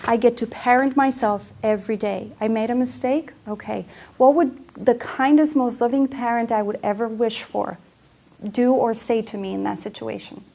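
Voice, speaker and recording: A woman's voice: fairly high pitch, steady tone, normal speed, vocal fry, mellow. A woman coach giving a presentation talk, telling personal stories in an earnest way. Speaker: emotional health coach. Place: center for women presentation room.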